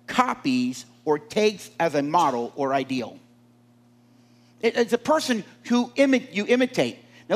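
A preacher delivers a sermon in an animated way, often tossing questions out to the congregation. His voice is high for a man and very lively, climbing and falling as he builds his points.

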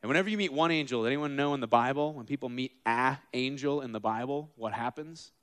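A man in his thirties or forties preaching a casual, animated sermon, acting out the figures in his stories with asides to the room. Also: medium pitch, quick pace, smooth. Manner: animated, acts out quoted figures, self-deprecating asides.

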